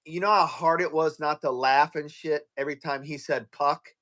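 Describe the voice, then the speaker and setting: A man's voice: a little high, fairly even intonation, normal speed, a bit bright. A man telling crude, joking stories with lots of swearing as a guest on a live stream. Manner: profane, joking storyteller. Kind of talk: casual chat.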